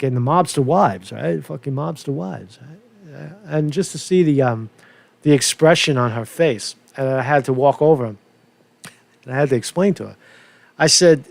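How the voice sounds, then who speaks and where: A man's voice: mid-range voice, normal speed, gravelly, no echo. A man ranting casually as a political commentator, profane and rambling with many restarts. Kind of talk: casual rant.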